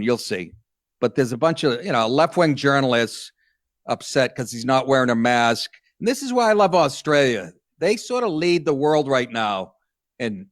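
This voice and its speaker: A man's voice: medium pitch, no echo, studio quality. A middle-aged man hosting a comedy talk show, reading news stories aloud and riffing on them in a crude, sardonic way.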